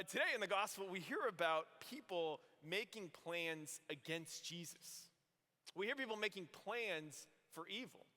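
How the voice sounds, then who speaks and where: A young adult man from Arizona, a priest giving a youth conference homily, telling stories in an animated way and acting out voices. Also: high-pitched. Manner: animated storytelling, acts out voices. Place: large hall. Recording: echoey hall, long reverb.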